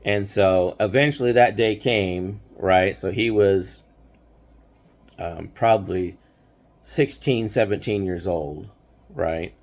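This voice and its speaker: An older man with a fairly low voice tells a story from his past in a relaxed, meandering way. He stops and restarts often and fills the gaps with small verbal fillers. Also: slow pace. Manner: rambling, many fillers and restarts. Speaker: host. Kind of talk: casual storytelling.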